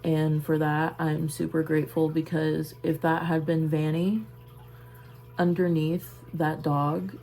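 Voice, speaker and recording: A young female vlogger with a low, gravelly, warm voice tells a personal story directly to camera. She speaks slowly and with little pitch movement, plainly and conversationally, yet emphatically, often circling back to repeat herself.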